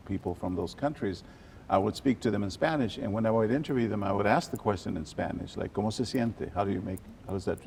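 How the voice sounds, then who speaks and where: Gravelly older man telling stories. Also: low-pitched, a little hiss or hum. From South Texas. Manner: animated storyteller, switches to Spanish phrases. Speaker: journalist guest. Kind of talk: storytelling interview.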